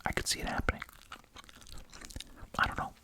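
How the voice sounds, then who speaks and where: An ASMR host whispering a chatty, wry commentary while chewing gum, full of asides and rhetorical questions. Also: normal speed.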